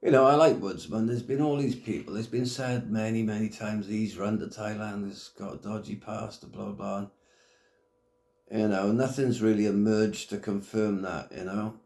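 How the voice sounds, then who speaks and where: A middle-aged man holding forth in a blunt, foul-mouthed rant, his voice sitting fairly low. The sound bounces around an echoey room. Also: steady tone, moderate pace, darkish tone. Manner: blunt, heavy swearing, blokey slang. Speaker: YouTube commentator. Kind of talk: casual rant to camera.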